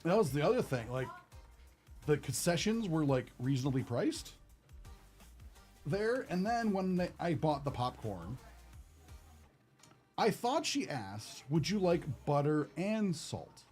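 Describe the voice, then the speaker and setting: A man's voice: on the high side, sing-song, a little slow, pauses often, a little mellow, faint music behind. A young man hosting a card-opening stream, chatting casually and rambling with lots of fillers. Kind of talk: casual chat while opening cards.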